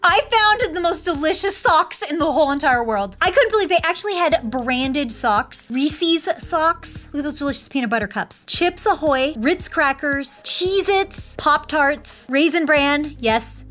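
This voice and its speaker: A woman showing off a shopping haul, bubbly and gushing with excitement. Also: high voice. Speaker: haul vlogger. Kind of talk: product haul show-and-tell.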